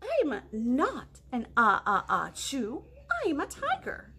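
A woman's voice: high voice, huge pitch swings, slow, pushed and bright, slightly rough, heavily acted. A woman voicing a small boastful male mouse who insists he is a tiger, in a storybook reading. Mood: insistent. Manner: stubborn, growls for show.

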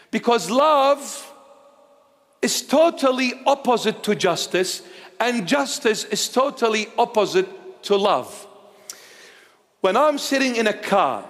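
A man preaching a sermon in a church, telling stories with humorous asides. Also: high voice. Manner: animated storytelling with humorous asides. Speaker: bishop, preacher. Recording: long church reverb.

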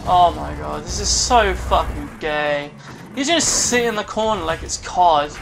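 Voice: mid-range voice, lively intonation, unhurried, gravelly, background noise. A gamer giving live commentary on their own play, groaning often and swearing at opponents on screen. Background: game music.

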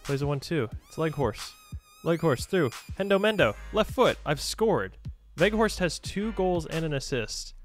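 A young man giving jokey, excitable commentary on his own football video game match, shouting at his players. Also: fairly high pitch. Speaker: gaming YouTuber. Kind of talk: casual gameplay commentary.

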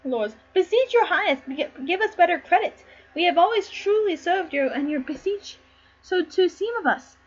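A woman's voice: extremely high pitch, lively intonation, moderate pace, voice pushed up. A woman reading the lines of pleading courtly lords in an amateur play read-through, earnest and pleading. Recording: slightly muffled with faint noise.

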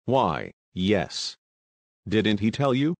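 A man doing a brash young American fellow in an audiobook, talking fast and slangy and tumbling through his tale. The voice is on the low side, and the recording is dry and close. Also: very animated, no room sound, full character voice. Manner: slangy, talkative, hurried storytelling.

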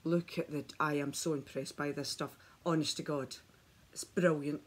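A husky woman with a low voice chats to her viewers while filming herself at home. She is enthusiastic and keeps talking straight to the camera, heard through the camera mic. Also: steady tone, normal speed. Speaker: beauty vlogger. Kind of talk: chatty product demonstration.

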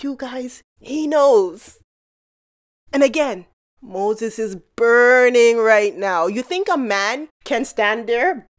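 Chatty, laughing woman commentator. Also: on the high side. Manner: chatty, laughs between points, addresses people directly. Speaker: commentary channel host. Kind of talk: casual commentary.

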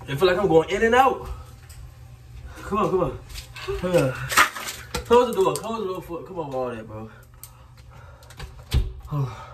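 A man's voice: fairly high pitch, sing-song, unhurried, long pauses, far from the mic. A young man teasing his partner and boasting during a spicy chip challenge, laughing and talking while his mouth burns. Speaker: vlogger. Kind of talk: casual teasing vlog banter. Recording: roomy sound from off-mic with loud background noise.

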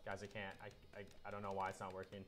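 A man's voice: low voice, monotone, quick pace, fairly bright tone, faint music behind. A young man at home chatting casually and rambling while streaming a video game. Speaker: gaming streamer. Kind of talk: casual livestream commentary.

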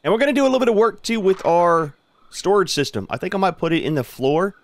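A man's voice: high voice, lively intonation, fast talker. Laid-back man narrating his gameplay. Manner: laid-back, talks to his creatures, fillers like "man" and "dude". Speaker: gaming channel host. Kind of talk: casual gameplay commentary.

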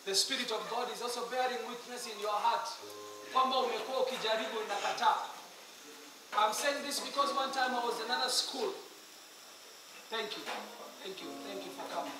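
A man with a Kenyan accent preaching an altar call in a large hall, pleading and urgent, rising at times to shouts. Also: very high voice, fairly quick, long pauses. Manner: urgent, pleading, switching between English and Swahili, swelling to shouts. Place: large echoing hall at a school meeting. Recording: echoey hall from far off with music.

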